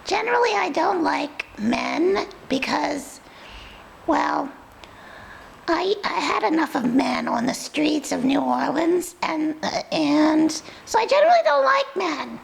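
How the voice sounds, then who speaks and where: A woman's voice: animated, slow, a little hiss or hum, heavily acted, poor audio. A woman voicing a sassy, food-loving female pet dog with a New York accent, rambling and confiding. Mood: chatty. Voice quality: very high, gravelly. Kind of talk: comic pet voice role-play.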